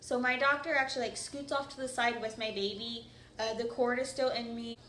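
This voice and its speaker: A woman's voice: a little high, steady tone, a little fast, pushed and bright, a little hiss or hum. A young woman vlogger casually telling a personal story, chatty and full of "like" fillers. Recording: echoey room.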